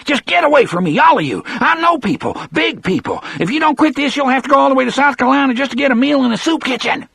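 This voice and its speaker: Audiobook figure: a shrill, whining young guard on the edge of tears, voiced by a man, husky and loud. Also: sing-song, fast, few pauses, no echo, heavily acted. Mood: panicked. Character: panicky spoiled young male prison guard.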